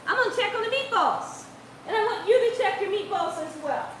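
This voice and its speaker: A woman's voice: very high-pitched, animated, brisk, a bit bright, reverberant, a little hiss or hum, poor audio. A woman hosting a live cooking stream, chatty and laughing often as she reads the chat aloud. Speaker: cooking channel host. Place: home kitchen.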